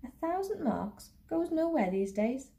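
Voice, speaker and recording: A storybook father with a wry, understated humour, speaking softly and dryly, as a woman reads his part. Her tone is dark and mellow. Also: sits high, big pitch swings, a little slow, pitched above the performer's own voice, heavily acted.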